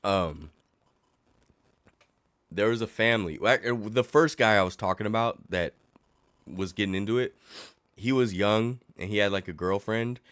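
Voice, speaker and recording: A middle-aged man, sick and coughing, ranting in a casual livestream chat, sarcastic and animated. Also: lowish voice, moderate pace, pauses often, smooth, dry recording. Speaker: livestream host.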